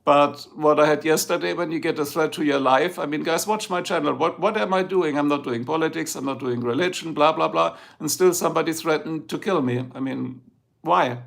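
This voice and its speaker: Gravelly German-accented man chatting to viewers. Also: fairly high pitch, fairly quick, a bit bright. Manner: rambling, talks straight to the chat. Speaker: livestream host. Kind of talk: casual livestream chat.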